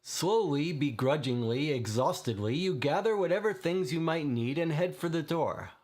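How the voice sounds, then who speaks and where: A man's voice: on the high side, lively intonation, normal speed, a little mellow. Man reading a gamebook aloud. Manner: explanatory, thinking aloud. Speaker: player and reader of a gamebook. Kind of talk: reading a game aloud with commentary.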